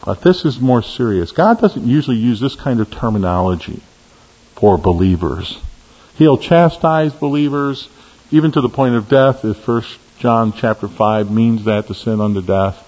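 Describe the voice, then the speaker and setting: Husky male preacher in a reverberant hall. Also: lively intonation, normal speed, a little mellow, lo-fi sound. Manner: emphatic, rising to stressed peaks and dropping low on key words. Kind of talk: sermon.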